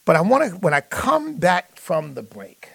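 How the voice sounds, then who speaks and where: A middle-aged man holds forth on talk radio, his voice gravelly and his delivery emphatic and preacherly. He sounds close to a studio microphone in a dry, dead room. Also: high voice, huge pitch swings, normal speed, a bit bright, no room sound. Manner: preacherly, emphatic, scripture-quoting. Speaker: radio talk show host. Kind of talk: political talk radio monologue.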